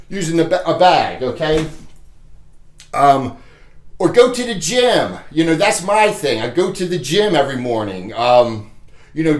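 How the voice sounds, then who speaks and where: A man's voice: high voice, echoey room. A man coaching salespeople in a blunt, casual pep talk, chuckling between points and often checking in with "okay?". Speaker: Medicare sales trainer. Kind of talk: casual motivational training talk.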